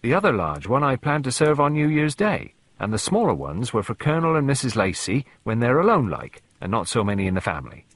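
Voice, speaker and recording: A man voicing a chatty, old-fashioned female cook who rambles fondly about the old ways, in a husky voice. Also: mid-range voice, wildly swooping pitch, a little fast, few pauses, fairly bright tone, pitched above the performer's own voice, full character voice.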